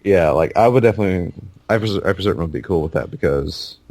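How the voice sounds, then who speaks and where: A man with a deep, gravelly voice co-hosts a casual gaming podcast. He rambles with plenty of fillers and restarts. His close mic sounds dry and dead. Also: animated, fast, darkish tone, no room sound. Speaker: podcast co-host.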